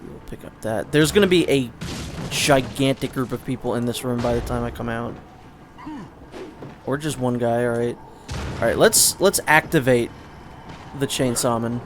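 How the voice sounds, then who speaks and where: A man's voice: mid-range voice, moderate pace, long pauses, noisy background. Chatty man rambling over gameplay. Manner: rambling and chatty, with frequent restarts and sudden swearing. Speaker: let's play host. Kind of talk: casual gameplay commentary.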